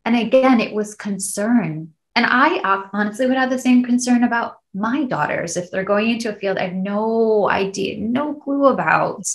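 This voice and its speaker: A woman's voice: fairly high pitch, expressive, normal speed, few pauses. A woman in her thirties, an actress and guest, telling her story candidly in a podcast interview, tearful at times.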